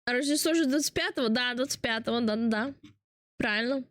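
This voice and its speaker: A woman's voice: a little high, quick pace, fairly bright tone, no room sound, clean studio sound. A young woman chatting casually on a live stream, playful and teasing, switching between English and Russian.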